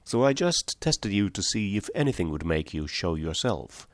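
A man's voice: low voice, big pitch swings, normal speed, dry recording, clean studio sound. Man reading as Father Brown, mild little priest. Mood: calmly firm. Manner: simple, gently apologetic. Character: small, mild rustic priest, adult man.

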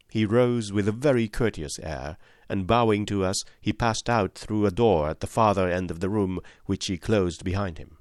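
A man narrating a classic story in an expressive, dramatic reading style. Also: fairly low pitch, moderate pace, hardly any pauses, no echo, studio quality. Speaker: audiobook narrator.

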